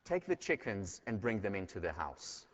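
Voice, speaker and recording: A man's voice: fairly low pitch, normal speed. A man doing a terse village rabbi. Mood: calm. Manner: terse, calm instructions. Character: calm commanding village rabbi. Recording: dull lecture hall recording.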